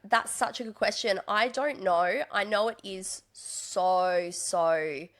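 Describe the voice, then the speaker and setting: A young woman in casual interview chat, chatty and animated, slipping into exaggerated voices when she quotes people. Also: medium pitch, slow. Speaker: podcast guest, reality TV contestant and stand-up comedian.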